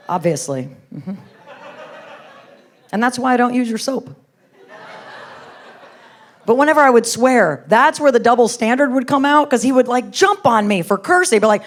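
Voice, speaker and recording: A woman's voice: on the high side, sing-song, normal speed, long pauses. A woman stand-up comedian with a brash, profane, chatty delivery.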